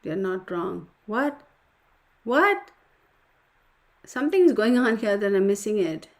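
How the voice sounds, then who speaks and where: A woman's voice: medium pitch, animated, normal speed, darkish tone. A woman hosting a casual live stream, reading viewer comments aloud, often laughing and exclaiming in surprise.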